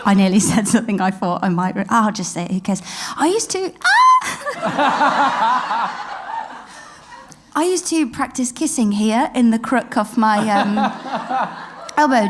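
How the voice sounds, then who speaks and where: A woman spoken-word poet, performing live on a theatre stage, mixing giggly, rambling asides with slow, lyrical recitation. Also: a little high, sing-song, slight background noise.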